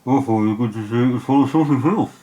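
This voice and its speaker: A man's voice: mid-range voice, rapid-fire, dark tone, natural voice. A man voicing a crude, snide male clone in a comedy sketch.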